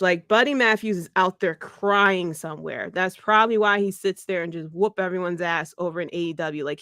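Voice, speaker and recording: A woman hosting a podcast, recapping wrestling in a joking, animated way, laughing often and swearing freely. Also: medium pitch, no echo, studio quality. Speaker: podcast host. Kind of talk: casual wrestling recap chat.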